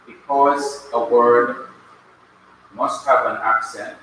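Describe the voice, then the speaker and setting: Male instructor from Jamaica, deliberate lecture pace, faint background hiss. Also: mid-range voice, steady tone, fairly bright tone. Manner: slow, patient, repeats key points. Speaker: Bible language teacher. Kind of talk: classroom lecture. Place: classroom. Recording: echoey classroom, mic at a distance.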